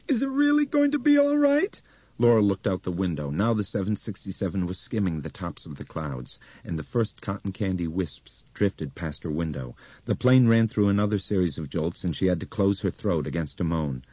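A man narrating a novel in a very deep, dark, husky voice. He reads at a steady, measured pace. The recording is dry and close, with a dull, muffled top end. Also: no room sound. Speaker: audiobook narrator. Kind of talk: scripted narration.

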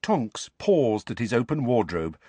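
A man narrating a fantasy novel as an audiobook reader, expressive storytelling. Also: medium pitch, unhurried, slightly rough, no room sound. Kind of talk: scripted narration.

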